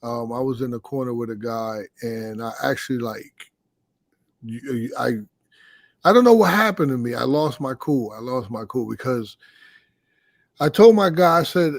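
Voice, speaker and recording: A boxing coach chatting casually on a podcast, telling animated stories and swearing freely. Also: male voice, medium pitch, normal speed, no echo.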